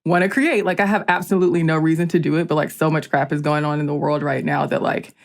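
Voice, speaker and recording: A woman's voice: sits low, steady tone, quick pace, creaky. A woman from Georgia in the US, a podcast guest chatting casually with lots of "like" fillers. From Georgia, USA. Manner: chatty, filler-heavy with frequent "like".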